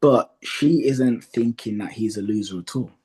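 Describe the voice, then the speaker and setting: A man guesting as a dating coach on a podcast, calmly explaining his view with examples. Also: on the low side, slightly rough. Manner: measured, explains by example with acted quotes. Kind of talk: casual podcast conversation.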